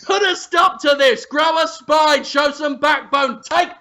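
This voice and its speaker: A man doing an impression of a furious, crude celebrity chef who yells and rants. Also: high voice, unhurried. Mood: yelling. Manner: yelling, crude, outraged. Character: furious ranting male celebrity chef, middle-aged.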